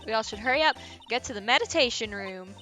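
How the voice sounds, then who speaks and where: A woman voicing a brash, loud female photographer with a put-on American Southern drawl. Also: fairly high pitch, quick pace, soft background music. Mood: brash, excited. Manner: loud, bold, excited.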